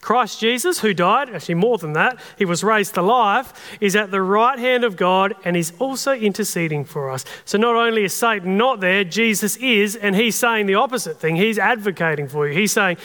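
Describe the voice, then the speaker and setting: Brief: Australian male pastor, earnest and conversational, high voice, long hall reverb. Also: normal speed, hardly any pauses, bright, forceful tone. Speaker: preacher. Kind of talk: sermon.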